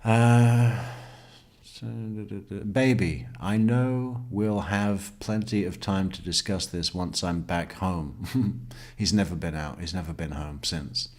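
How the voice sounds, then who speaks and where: A man's voice: low-pitched, darkish tone. A man commenting on a courtroom testimony, reading passages aloud with a sardonic tone and frequent laughs. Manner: sardonic, laughs often, slow deliberate reading. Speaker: true crime commentator.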